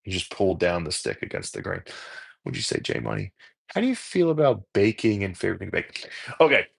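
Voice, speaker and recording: Casual New Jersey man, low gravelly voice, self-deprecating rambler, dry close mic. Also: big pitch swings, fairly quick, no room sound. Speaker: home cook content creator. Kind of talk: casual chat while cooking prep.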